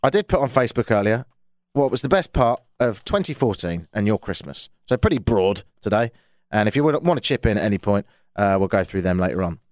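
Self-mocking English radio host, lively. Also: male voice, medium pitch, no room sound. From England. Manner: dry self-mocking banter. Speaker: radio talk show host. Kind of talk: late-night radio talk show. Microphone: studio microphone.

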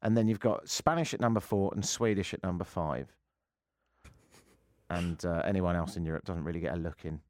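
A man's voice: low-pitched, brisk, darkish tone, dry recording. A man hosting a talk radio show, chatting casually in a joking, teasing way into a studio microphone.

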